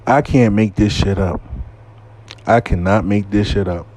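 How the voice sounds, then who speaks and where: A man's voice: fairly low pitch, unhurried. A man hosting a casual storytime, telling it animatedly with frequent swearing and catchphrases. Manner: animated, profane, repeats "I lie to you not". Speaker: host and storyteller.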